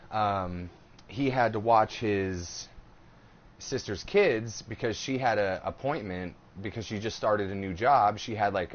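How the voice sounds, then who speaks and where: A man co-hosting a casual podcast, telling an animated, profane story. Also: on the low side. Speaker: podcast co-host. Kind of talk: casual chat. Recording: dull lo-fi live stream audio.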